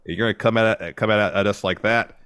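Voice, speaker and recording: A man co-hosting a podcast, retelling events in a steady play-by-play and acting out the quotes. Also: on the low side, a little fast, clear, resonant tone, no room sound. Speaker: podcast co-host. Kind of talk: casual wrestling recap chat.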